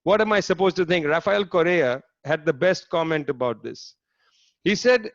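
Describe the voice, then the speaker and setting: A man lectures in a fairly high, emphatic voice, sardonic and pointed, often throwing rhetorical questions at his listeners. The sound is dry and close, a little dull, as from an online talk. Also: normal speed, no room sound. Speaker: speaker giving a political lecture. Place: online talk, home setup.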